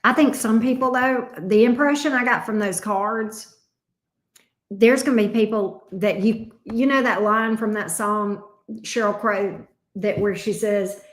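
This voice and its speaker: Woman tarot reader on a livestream, mid-pitched, unhurried, affectionate pet names, echoey room. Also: fairly even intonation. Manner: affectionate, calls viewers babe and sweetie; casual and salty, swears lightly. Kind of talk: livestream tarot readings for viewers.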